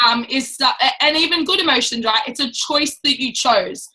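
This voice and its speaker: A woman's voice: high voice, normal speed, bright, forceful tone, low-quality recording. A woman giving a casual, blunt and chatty training talk to a business team. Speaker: network marketing trainer.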